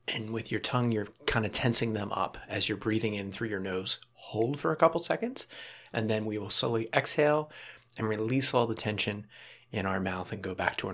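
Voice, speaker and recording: A man calmly guiding listeners through a breathing and muscle relaxation exercise, step by step, with small casual asides. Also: lowish voice, normal speed. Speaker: relaxation instructor.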